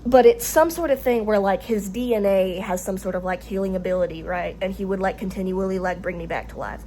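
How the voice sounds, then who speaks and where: A woman's voice: mid-range voice, fairly quick, dark tone, slight background noise. A woman with a Southern US accent talking straight to her own camera in a casual, rambling monologue, hesitant and full of restarts and fillers. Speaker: vlogger speaking to camera. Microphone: camera recording herself.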